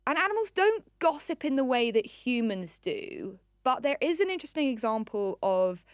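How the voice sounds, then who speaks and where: Brisk woman reporter, dry studio sound. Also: sits high, very animated, no room sound. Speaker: science reporter. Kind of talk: explanatory chat.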